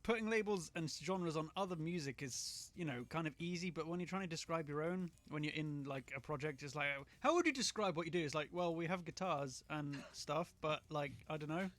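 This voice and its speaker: A man in casual livestream chat, telling his stories with animated energy. He laughs often between his remarks. His voice sits a little above average in pitch. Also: a little fast, hardly any pauses. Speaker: podcast co-host.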